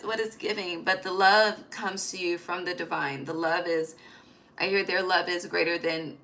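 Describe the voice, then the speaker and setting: Woman, tarot reader, bright voice, blunt and slangy, chatty at home at night. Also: lowish voice, fairly even intonation, normal speed, low-quality recording. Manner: emphatic, swears freely, slangy asides. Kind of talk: casual spoken tarot reading.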